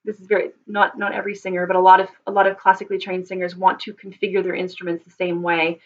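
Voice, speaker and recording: A woman's voice: on the low side, little pitch movement, fast talker, muffled recording. A woman speaking as a voice teacher, thoughtfully explaining singing technique with frequent ums and restarts.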